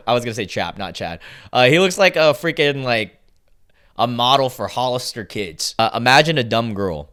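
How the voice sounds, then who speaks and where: A young man hosting a casual reaction video, chatty and excitable, laughing often between lines. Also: mid-range voice, normal speed. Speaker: YouTube host.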